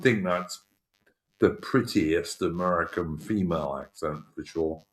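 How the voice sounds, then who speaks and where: A man hosting a casual live-stream chat, speaking haltingly and repeating words as he reads the chat aloud. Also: low voice. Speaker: host.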